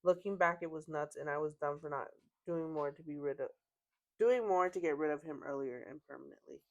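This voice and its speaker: Low-voiced woman reading stories aloud. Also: a little fast, lo-fi sound. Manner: conversational, reads posts aloud with laughs and fillers. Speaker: podcast host.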